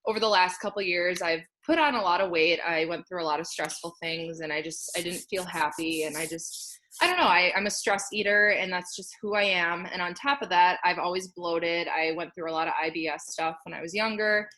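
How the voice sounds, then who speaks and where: Speaking fairly quickly in a lowish, pushed and bright voice, a young woman tells her personal success story from home. It's a casual testimonial, upbeat and chatty, full of laughter and frequent uses of "like."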